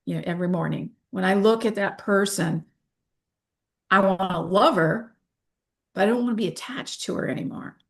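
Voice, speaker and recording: A woman in her fifties, appearing as an interview guest, speaks candidly at a normal speed and acts out the dialogue she quotes. Her voice is medium-pitched with vocal fry.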